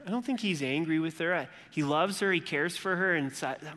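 A man preaching a sermon as a pastor, animated and humorous, acting out the voices of the people in his story. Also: on the high side, fairly quick, few pauses. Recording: long hall reverb.

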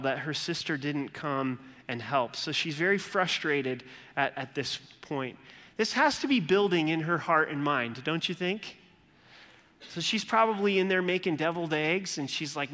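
A male pastor delivers a sermon in a bright, forceful voice that sits a little high. He is animated and humorous, slipping into the voices of the people in his story. The sound carries a long church-hall echo. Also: moderate pace.

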